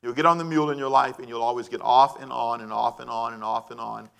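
A male pastor preaching a sermon, animated and calling on the congregation to answer back. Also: mid-range voice, fast talker, creaky, smooth.

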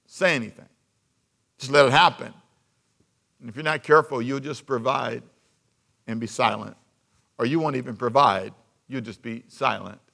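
A man preaching a sermon as pastor, swinging from loud emphasis to hushed asides. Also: medium pitch, vocal fry.

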